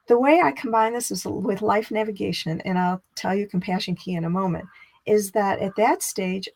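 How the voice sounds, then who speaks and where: This middle-aged woman, a spiritual teacher, talks with a medium pitch and noticeable vocal fry. Chatty and expressive as she teaches, she pitches her voice up whenever she voices an inner dialogue.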